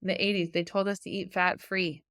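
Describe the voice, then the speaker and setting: A woman's voice: on the low side, level tone, a little fast, a bit bright, no echo, studio quality. A woman podcast host coaching her listeners in a casual, chatty monologue, full of fillers and restarts.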